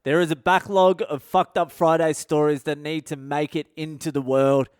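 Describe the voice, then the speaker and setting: A man's voice: on the high side, normal speed, smooth, dry recording, clean studio sound. A man in his thirties with an Australian accent, a comedian and podcast host telling a brash, profane story. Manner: brash, sweary, animated storytelling.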